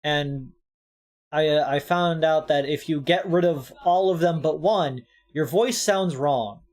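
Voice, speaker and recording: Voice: mid-range voice, measured pace, darkish tone. Rambling playful game streamer. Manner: rambling, playful, swears casually. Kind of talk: casual game stream chat.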